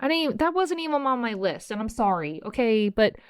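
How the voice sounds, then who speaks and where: A woman hosts her own podcast with a slightly high, very animated voice, talking briskly in a clean recording with no room sound. Her casual monologue rambles with passion, sprinkled with "okay?" asides, and she's emotional and empathetic, calling her listeners "sis."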